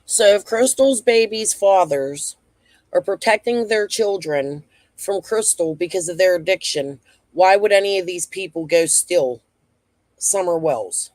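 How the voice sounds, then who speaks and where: A true-crime host speaks slowly and bluntly, laying out the background before turning to scold people outright. The voice sits mid-range and the recording is dry and close. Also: mid-range voice, expressive, darkish tone, dry recording. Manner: blunt, scolding, explains then cuts in. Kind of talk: commentary.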